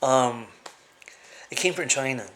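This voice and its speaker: A man delivers a casual vlog monologue in a medium-pitched, slightly bright voice, offering blunt, opinionated rants. He rambles and halts, with plenty of fillers and restarts.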